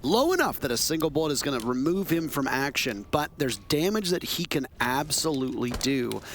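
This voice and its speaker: Animated male esports caster. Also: mid-range voice, a little fast, a little hiss or hum. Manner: excitable, rises sharply on big plays, jokes with co-caster. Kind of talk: play-by-play commentary.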